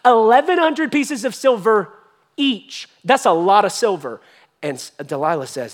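A man preaching a sermon as pastor, telling a story in an animated, joking way. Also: high voice, unhurried. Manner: animated, jokey storytelling with acted voices. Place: church.

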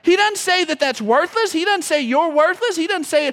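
A man preaching a sermon as pastor, emotional, swinging from loud to hushed. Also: very high-pitched, unhurried, creaky. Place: church sanctuary. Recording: long reverb of a church hall.

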